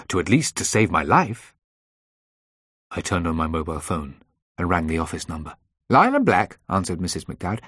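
A man reading a first-person audiobook in a measured, tense manner. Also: low voice, husky, dry recording, clean studio sound. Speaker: audiobook narrator. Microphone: close dry studio mic.

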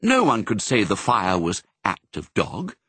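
A man voicing a calm, kindly mother Dalmatian in a storybook, speaking brightly and reassuringly. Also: lowish voice, a little slow, husky, no echo, exaggerated voice.

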